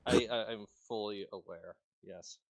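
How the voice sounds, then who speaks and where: A man's voice: on the low side, measured pace, highs cut off. A man playing a tabletop game, joking in casual banter. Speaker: player.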